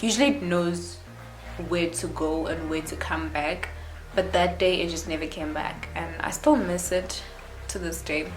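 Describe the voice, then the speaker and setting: A young woman from Africa, chatting to camera in a rambling, animated way with lots of "like" and "yo". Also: fairly low pitch, measured pace, reverberant. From South Africa. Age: young adult. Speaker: YouTuber. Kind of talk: casual chat to camera.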